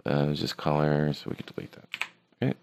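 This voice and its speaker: Male instructor, very low and gravelly, laid-back, teasing, walks students through software. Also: expressive, brisk, a little hiss or hum. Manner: joking, teasing his students. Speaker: 3D art teacher. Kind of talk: casual screen-recorded tutorial.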